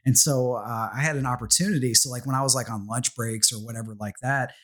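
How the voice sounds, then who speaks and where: A man's voice: medium pitch, fast talker, a bit bright. A man as a podcast guest, telling stories in a casual, rambling way with many fillers and restarts. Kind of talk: casual conversational interview.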